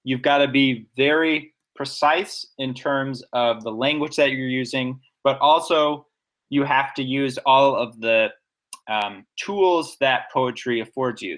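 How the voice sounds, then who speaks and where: This podcast co-host is a man with a mid-range, fairly bright voice. In a casual discussion he explains things enthusiastically, nerdy and analytical, working through examples as he goes.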